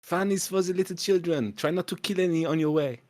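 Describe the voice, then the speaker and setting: A game master voicing a snobbish male city fixer with a put-on French accent, haughty, slow and hesitant. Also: high voice, darkish tone, no room sound, clean studio sound, voice pushed up, natural voice. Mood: condescending.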